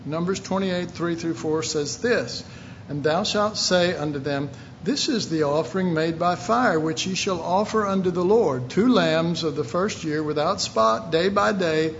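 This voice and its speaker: High-voiced emphatic preacher man. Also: unhurried, dull audio, a little hiss or hum. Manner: emphatic, rising to shouted questions; reads scripture aloud in King James wording. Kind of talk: sermon.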